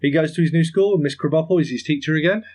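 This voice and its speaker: A man hosting a podcast in casual chat, rambling, chuckling often and slipping into quick impressions. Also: on the high side, a crowd in the background, low-quality recording. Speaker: podcast host.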